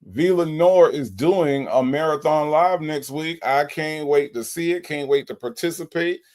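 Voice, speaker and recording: A man's voice: fairly high pitch, a little slow, darkish tone. A man hosting a casual livestream, greeting viewers by name in a folksy, chatty way. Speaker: livestream host.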